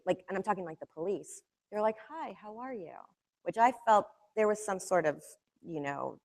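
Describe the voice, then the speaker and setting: A lower-pitched woman tells stories from her reporting work in a casual, rambling way. She leans on filler words and grows lively when she acts out scenes. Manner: chatty, loose, full of "like" and "you know", lively when retelling scenes. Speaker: magazine reporter speaking to students. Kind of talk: casual anecdotal talk.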